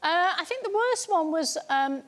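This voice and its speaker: A woman's voice: extremely high pitch, expressive, normal speed, a little hiss or hum. A woman guest on a chat show, telling rambling, hesitant stories about old jobs. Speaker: comedian guest.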